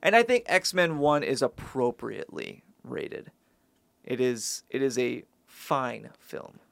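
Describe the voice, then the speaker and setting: A man with a nasal voice talks in casual podcast chat, pressing his point and refusing to back down. His pitch is middling and the recording is dry and close, with no room around it. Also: very animated, slow, creaky, a bit bright, no echo. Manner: argumentative, insistent. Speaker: podcast co-host.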